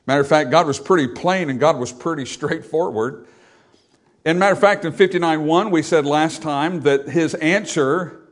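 A male pastor preaching a sermon, emphatic, asking the congregation rhetorical questions and building up loudly as he quotes scripture. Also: on the high side.

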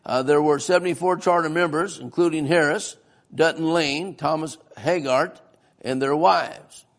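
A man's voice: a little high, measured pace. A man preaching a sermon-style history lesson in a church, folksy and often asking the congregation questions.

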